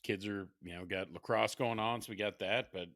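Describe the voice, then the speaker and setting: A man's voice: on the low side, steady tone, fairly quick, a bit bright, no room sound, studio quality. A middle-aged man and father co-hosting a casual podcast, laughing often and swearing freely. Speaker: podcast co-host. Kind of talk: casual chat.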